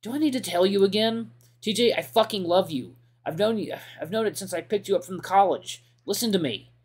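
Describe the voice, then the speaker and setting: A man's voice: fairly high pitch, big pitch swings, fairly quick, breathy edge, voice pushed up. A man voicing an obsessive young male furry character in a visual novel reading, talking in a pleading, insistent way.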